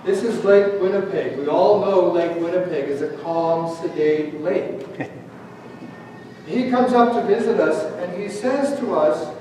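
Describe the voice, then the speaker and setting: A man's voice: high-pitched, a little slow, a little mellow. A man, a pastor, giving a sermon from Canada, telling stories and asking the congregation questions. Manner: storytelling, asks the congregation questions. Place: church sanctuary. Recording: echoey hall from far off, faint hum.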